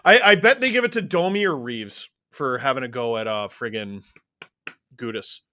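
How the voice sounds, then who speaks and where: A man hosting a live watchalong stream, excitedly reading out viewer names and swearing freely. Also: medium pitch, normal speed, no room sound.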